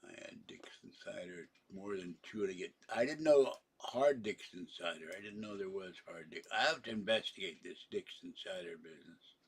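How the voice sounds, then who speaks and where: A man's voice: low voice, moderate pace, hardly any pauses, slightly rough. A tired man hosting a casual livestream, rambling from one topic to the next with many fillers and yawns. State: tired, yawning. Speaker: livestream host.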